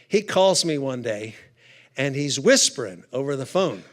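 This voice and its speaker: Speaking at a measured pace in a mid-range, very animated voice, a man entertains a conference hall with funny anecdotes. His style is chatty, punctuated by sharp, punchy asides.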